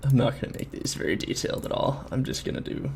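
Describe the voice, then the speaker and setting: A man's voice: mid-range voice, expressive, fast talker, gravelly, slight background noise. A man streaming his game development work, muttering casually to himself and thinking aloud as he models, chatting now and then. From Canada. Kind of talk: casual live-stream commentary while 3D modeling.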